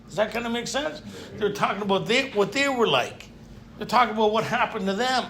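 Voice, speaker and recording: A man's voice: sits high, fast talker, slight background noise. A man speaking to a retreat group, telling blunt, joking stories and peppering them with rhetorical questions. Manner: lively storytelling, frequent rhetorical "right?"; blunt, joking tough-guy humor. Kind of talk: recovery talk to a live group. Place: retreat meeting room.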